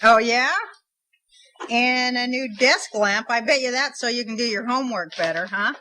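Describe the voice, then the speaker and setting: A blunt sarcastic sitcom mom. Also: female voice, a little high, normal speed, pushed and bright. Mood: dry. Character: blunt working-class sitcom mother. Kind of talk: sitcom acting.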